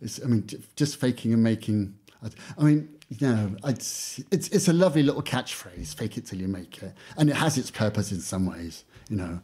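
A man's voice: fairly low pitch, expressive, normal speed, hardly any pauses, warm tone, slightly rough. A man who teaches English, talking casually in an interview and acting out classroom exchanges, with lots of "you know" fillers.

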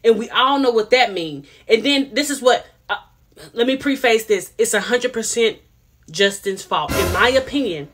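Woman reviewer, a bit higher-pitched, sassy and animated, casual recap commentary. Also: normal speed, slightly rough. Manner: animated, sassy, repeats herself for emphasis. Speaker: reality TV reviewer.

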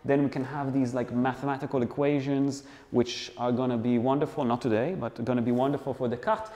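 A man's voice: mid-range voice, steady tone, brisk, dark tone, big-room sound. A man giving a casual philosophy lecture to a live audience, chatty and playful, often checking in with his listeners.

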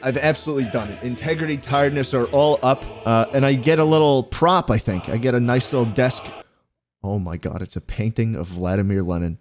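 A man giving profane, excitable let's-play commentary, often yelping and laughing. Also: mid-range voice, brisk, faint music behind. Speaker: gaming YouTuber.

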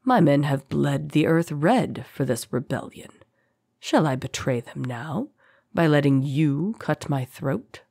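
A woman puts on a deep-voiced male rebel leader for a fantasy audiobook. He speaks low, quiet and slow, smooth and courtly with a cold threat. The recording is dry and close. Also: lively intonation, no room sound, exaggerated voice. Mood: eerily calm. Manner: smooth, courteous, soft-spoken.

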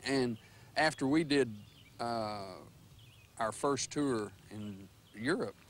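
A man's voice: mid-range voice, slow pace. A former bandmate in his fifties, a man, reminiscing earnestly in an interview.

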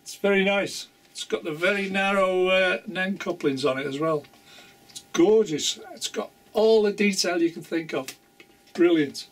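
A man's voice: high-pitched, moderate pace. Older man, hobby vlog chat, chuckly, rambling, mic far off. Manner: chatty, rambling, chuckling often. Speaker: model railway vlogger. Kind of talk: casual chat to camera.

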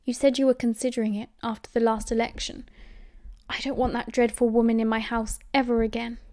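A British woman voicing a kindly, protective middle-aged mother who speaks gently and anxiously. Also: a little high, level tone, fairly quick, natural voice. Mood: worried.

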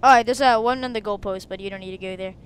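A woman hosting a game video, chatting casually and breaking into excited shrieks. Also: mid-range voice, rapid-fire, clean tone. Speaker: gaming video host. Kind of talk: casual gameplay commentary.

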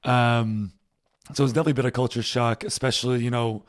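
A man's voice: mid-range voice, steady tone. Easygoing man from Rhode Island. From Rhode Island, United States. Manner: quick, agreeable, uses fillers like um and you know. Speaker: podcast guest. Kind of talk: casual chat.

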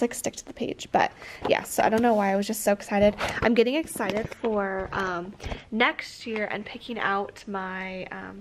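Young woman, stuffed-up nose, chatty teacher vlog, gravelly voice, faint background hiss. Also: medium pitch. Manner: chatty, upbeat, many fillers. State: stuffed up with allergies. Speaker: teacher vlogger. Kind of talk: casual vlog chat. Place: school classroom.

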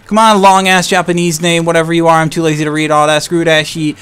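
Excitable young man ranting over gameplay. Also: on the high side, fast, clean tone. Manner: excitable, swings between hype and frustrated ranting. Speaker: gaming channel host. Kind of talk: live gameplay commentary.

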